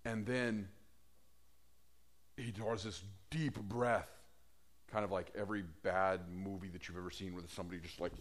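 A man's voice: deep voice, fairly even intonation, moderate pace, pauses often. A man preaching a sermon in a conversational way, asking the congregation questions.

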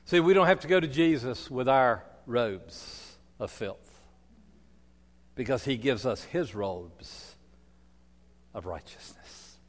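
A man preaching a sermon, telling stories dramatically, swinging from loud declarations to soft asides. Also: mid-range voice, lively intonation, slow, pauses often. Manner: dramatic storytelling with wide swings in loudness. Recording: long hall reverb.

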